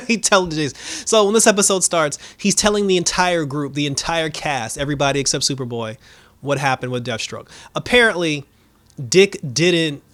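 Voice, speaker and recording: A high-voiced man talks through a show recap in loose, slangy, profane casual chat. He gets animated, laughs often, and mimics what characters said. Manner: acts out characters' lines in quick mimicry. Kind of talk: casual reaction review.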